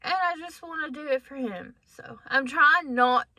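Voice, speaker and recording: A woman's voice: high-pitched, moderate pace, pushed and bright, dry recording. A woman in her thirties casually telling a personal story to her viewers, candid and chatty, often laughing and calling them guys. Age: 30s. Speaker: vlogger.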